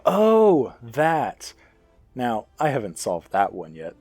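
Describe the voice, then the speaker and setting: A man's voice: a little high, lively intonation, a little slow, darkish tone, faint music behind, pitched above the performer's own voice. A man voicing an eccentric human scientist who talks in a breezy, chirpy, oblivious way.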